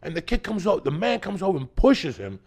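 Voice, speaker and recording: A middle-aged man from New Jersey with a gravelly voice, telling a profane, animated story in casual chat and acting out the voices. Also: high-pitched, fast talker. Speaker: podcast host.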